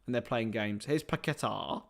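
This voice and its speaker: A young man hosting a live football watchalong, joking with banter between bursts of excited play-by-play calls. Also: medium pitch, moderate pace, creaky. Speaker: host.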